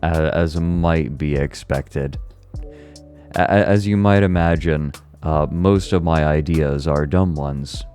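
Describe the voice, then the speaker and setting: Super low-voiced guy on stream, unhurried, a bit hoarse, chill and sweary. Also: soft background music. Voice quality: slightly hoarse relaxed voice. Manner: relaxed, laid-back, swears casually, chuckles often. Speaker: livestreamer. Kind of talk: casual livestream chat with viewers.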